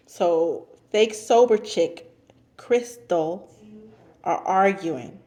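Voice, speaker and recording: Woman, casual recap vlogger, somewhat low voice, talkative, repeats her points, no cursing. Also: a little slow, long pauses, a little mellow. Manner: chatty, repeats herself for emphasis; avoids cursing. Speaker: reality TV recapper.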